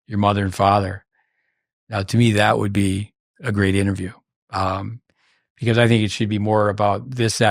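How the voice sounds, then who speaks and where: Man, podcast host, casual chat, rambling with restarts, low voice, dry close sound. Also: no room sound.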